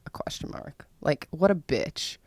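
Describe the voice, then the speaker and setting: A young woman hosting a podcast, telling a personal story in a profane, dramatic, animated way with sudden loud squeals. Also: low voice, unhurried, no echo, clean studio sound. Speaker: podcast host. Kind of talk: casual storytelling monologue.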